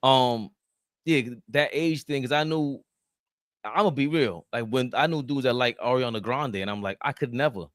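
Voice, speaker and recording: A man's voice: medium pitch, moderate pace, fairly bright tone, no room sound, studio quality. A man hosting a casual sports talk show, loose and profane, laughing through his banter.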